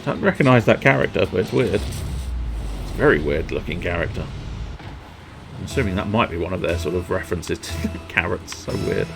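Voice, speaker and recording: Male streamer with a lowish voice and a faint music bed behind him, excitable and sweary, mocks himself as he plays. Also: fairly quick, gravelly. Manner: excitable, sweary and self-mocking, bursting into yelps. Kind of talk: live gameplay commentary.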